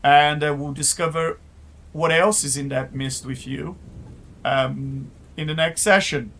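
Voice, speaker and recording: A man running a live-play tabletop game as game master, narrating haltingly with many filler sounds. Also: on the high side, fairly even intonation, a bit bright.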